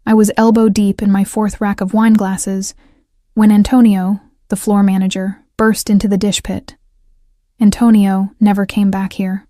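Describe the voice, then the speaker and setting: A woman narrating a first-person romance story in a measured, scripted way. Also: mid-range voice, flat delivery, mellow, no room sound, studio quality.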